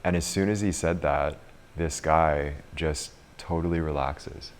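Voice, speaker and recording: Deep-voiced guy in his 30s running a retreat, telling a story casually, laughs a lot, bit of faint hiss. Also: fairly even intonation, a little slow. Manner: chatty, laughs often, many "like" fillers. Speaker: retreat leader and coach. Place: retreat room with a group.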